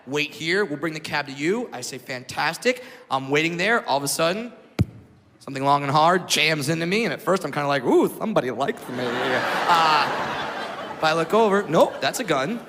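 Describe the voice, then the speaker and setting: A man's voice: a little high, normal speed, long reverb tail. A man doing stand-up, telling a story and acting out the voices in it. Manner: animated, acts out the voices in his story. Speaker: stand-up comedian.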